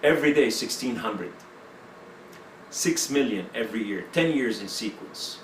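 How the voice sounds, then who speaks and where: A man's voice: mid-range voice, expressive, a little slow, slight background noise. A man giving his personal testimony in an interview, speaking broken English with many fillers. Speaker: interview guest. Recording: echoey room, mic at a distance.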